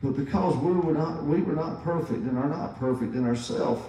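A man in his fifties preaching a sermon as pastor, slowly and emphatically, repeating key phrases. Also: on the high side, warm tone, a little hiss or hum. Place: church sanctuary. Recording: very echoey church from a distance.

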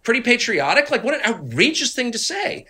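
A middle-aged man from Washington, D.C., a guest telling stories in a candid conversation, moving between low asides and emphatic outbursts. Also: big pitch swings, brisk, sharp tone, slightly rough.

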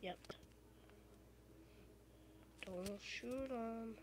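A woman commenting on her own gameplay in an unhurried, drawn-out way, swinging between loud exclamations and muttered complaints. The recording carries a noticeable layer of background noise. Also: on the high side. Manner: frustrated, exclaiming, muttering under breath. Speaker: gamer.

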